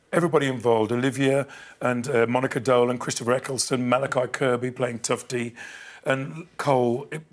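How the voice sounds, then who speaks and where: Enthusiastic man telling a story. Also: mid-range voice. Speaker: guest actor and producer. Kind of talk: casual studio chat.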